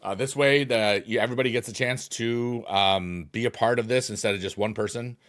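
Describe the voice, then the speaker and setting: A man's voice: medium pitch, brisk, fairly bright tone. A middle-aged man streaming a mobile game, chatting casually with his viewers and breaking into goofy chicken noises. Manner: goofy, chants silly chicken noises, talks to chat.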